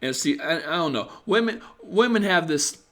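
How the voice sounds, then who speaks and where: A man's voice: on the high side, expressive, normal speed, a bit bright. A young man sounds tired as he hosts a casual live stream. He talks bluntly and rambles, with plenty of swearing, moving from chatting with viewers to giving dating advice.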